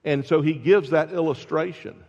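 A man's voice: moderate pace, darkish tone. A man preaching a sermon, explaining scripture with emphatic rises at key points. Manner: emphatic, rising in pitch and volume at key points. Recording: dull sound with long reverb in a hall.

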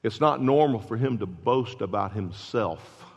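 A pastor preaching a sermon, building to loud, emphatic exclamations. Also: male voice, fairly low pitch, lively intonation, unhurried, breathy edge. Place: church sanctuary. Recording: dull sound with long hall reverb.

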